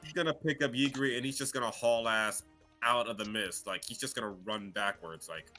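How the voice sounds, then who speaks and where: Bright-voiced man at a game table. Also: mid-range voice, brisk, faint music behind. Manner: joking, complaining banter. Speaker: player.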